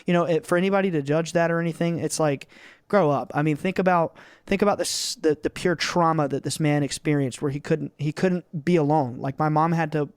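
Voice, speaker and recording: A man's voice: fairly high pitch, fairly quick, clear, resonant tone, dry recording, studio quality. A man in his twenties, a podcast guest, telling stories earnestly and with energy in casual chat. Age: 20s. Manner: earnest, animated storytelling with restarts.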